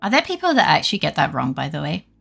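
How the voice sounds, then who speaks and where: A woman's voice: low voice, huge pitch swings, fast, gravelly, fairly bright tone, faint music behind. A woman chatting casually with her viewers on a live stream, swearing freely and laughing often.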